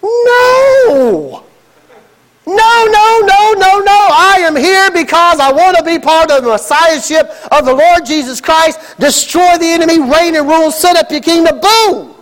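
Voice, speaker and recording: An indignant, ambitious disciple protests loudly and incredulously, acted out by a preacher. The voice is strikingly high for a man. A long hall echo trails every line. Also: normal speed, hardly any pauses. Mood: protesting.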